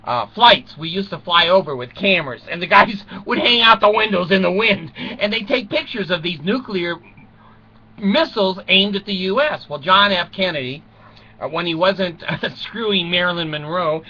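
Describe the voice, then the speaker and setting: A man's voice: high-pitched, animated, normal speed, pushed and bright, highs cut off. A man in his sixties from the United States, telling a rambling comic story and chuckling through his own jokes. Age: 60s.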